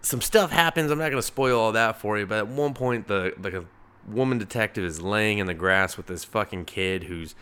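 A man's voice: fairly low pitch, normal speed, bright, forceful tone, clean tone. A young man casually reviewing comic books, swearing freely, rambling, and laughing at his own jokes. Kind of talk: casual solo review podcast.

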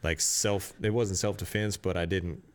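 A man's voice: sits low, steady tone, moderate pace, smooth. A man in casual podcast chat, telling a long absurd story with lots of fillers and restarts.

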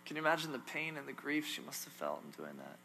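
A male preacher giving a sermon, animated and emphatic, driving points home with repetition and touches of humor. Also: fairly high pitch, fast talker, gravelly, a little hiss or hum.

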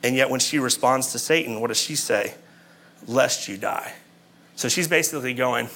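A man's voice: medium pitch, moderate pace, fairly bright tone, slight background noise. Man preaching a conversational sermon. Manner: conversational, asks the listeners rhetorical questions.

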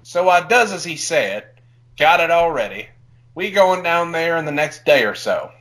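A man's voice: fairly high pitch, sing-song, normal speed, pushed and bright, poor audio. A man voicing a rustic male farmer reading his own diary in a thick folksy dialect with broken grammar. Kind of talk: comedic dramatic reading.

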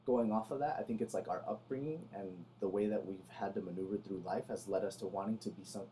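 A young man co-hosting a podcast in casual chat, pushing himself to talk louder than he normally does and telling stories with animation, close to the mic. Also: fairly low pitch, fast, slight background noise. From Salvadoran family in the United States. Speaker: podcast co-host.

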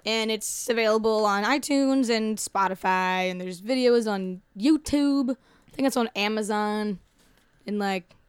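A woman's voice: mid-range voice, measured pace, clean tone, no room sound, studio quality. A young woman who is a guest musician, chatting in a bubbly, giggly way. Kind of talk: casual chat.

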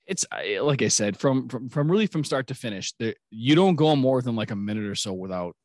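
A man's voice: medium pitch, expressive, brisk, no echo. Podcast guy rambling about a movie, laughs a lot, acts out bits, dry close sound. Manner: rambling, laughing often, acting out movie scenes. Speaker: podcast host. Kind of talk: casual chat.

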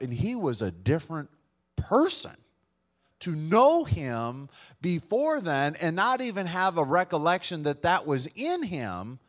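A male pastor preaching a sermon to a room full of people, telling a story in an earnest, conversational way. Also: high voice. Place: room with a congregation.

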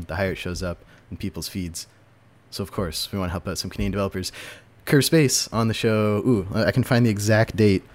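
Male podcast host, lowish voice, casual chat, laughs a lot. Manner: chatty, laughs often, fillers.

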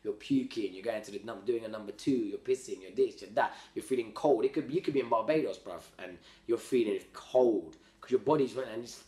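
Low-voiced man spinning a story. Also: fairly quick, hardly any pauses. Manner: slangy, rambling, animated storytelling. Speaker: podcast guest. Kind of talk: casual storytelling. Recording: roomy echo.

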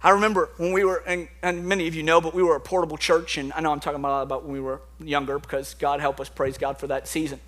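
A young adult male pastor preaching a sermon in a church, conversational and animated, swinging from loud excitement to quiet intensity. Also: a little high, fast, hardly any pauses. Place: church sanctuary.

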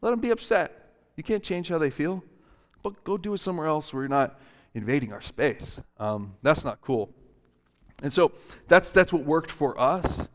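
A man's voice: on the high side, animated, moderate pace. A middle-aged male pastor preaching a sermon in a casual, humorous, conversational way in a church. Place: church hall. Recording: long hall reverb.

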